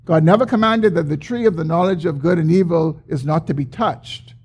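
A man preaching a sermon, explaining a scripture passage with emphatic, drawn-out stresses. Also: on the high side, a little mellow, breathy edge. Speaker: pastor.

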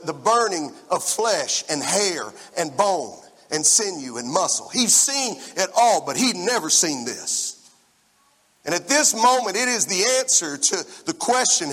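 A man in his forties preaching a lively sermon and talking straight to the congregation in a church hall. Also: high voice, slightly rough. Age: 40s. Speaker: pastor. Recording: long church-hall reverb.

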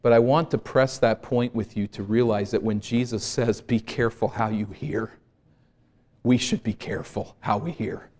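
A man delivering a sermon at a mid-range pitch. He preaches in earnest, swelling to strong, emphatic stretches and then dropping to quiet, hushed phrases. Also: moderate pace, few pauses. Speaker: pastor.

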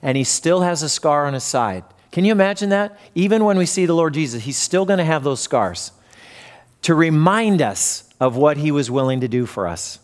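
A man's voice: a little high, expressive, moderate pace. A man preaching a sermon, retelling a story and briefly acting out the voices in it. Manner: storytelling, acts out quoted voices. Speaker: pastor.

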